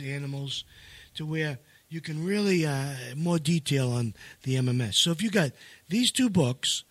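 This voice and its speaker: Loose and rambling, a seminar leader and co-author piles up restarts and fillers in a casual promotional chat, then presses hard on the points that matter to him. His fairly high voice is a bit bright, recorded close and dry with no echo or room sound.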